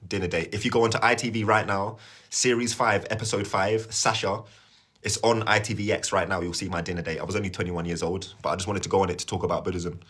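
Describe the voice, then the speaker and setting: Young guy on a live, husky lowish voice, earnest and rambly, keeps saying "yeah?". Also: fairly even intonation, fast talker, a bit bright. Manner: earnest, rambling, repeats himself and checks in with "yeah?". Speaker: spiritual livestream host. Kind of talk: live-stream prayer reading and chat.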